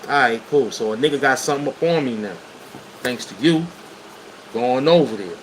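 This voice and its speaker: A man's voice: medium pitch, normal speed. Blunt New York man livestreaming. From Brooklyn, New York. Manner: blunt, street slang, talks straight to viewers. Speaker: livestream host. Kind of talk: casual livestream storytelling. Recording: air conditioner hum behind voice. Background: air conditioning hum.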